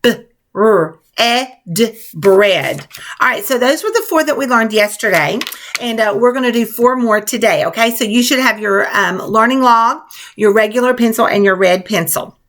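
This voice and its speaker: A woman teacher spells words letter by letter for young children in a slow, clear, encouraging spelling lesson. Her voice is on the high side, animated, and a bit bright.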